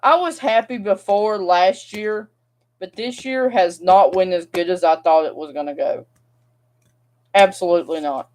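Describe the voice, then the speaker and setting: A woman's voice: fairly low pitch, a little slow, darkish tone. A young woman, vlogging and venting in a rambling, frustrated way straight to her viewers. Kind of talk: casual vlog rant.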